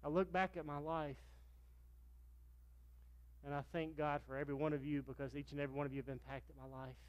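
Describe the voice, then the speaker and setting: A man's voice: on the high side, level tone, brisk, muffled recording. A middle-aged man, a pastor preaching a sermon and telling stories, acting out the dialogue in them. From Virginia, US. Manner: storytelling, acts out dialogue with raised voice.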